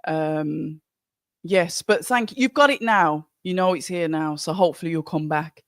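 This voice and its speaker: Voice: medium pitch, moderate pace, no room sound, clean studio sound. A streamer with a Birmingham accent hosting a live boxing watch-along, chatting casually and reading viewer comments aloud in a rambling style with frequent restarts. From Birmingham, England.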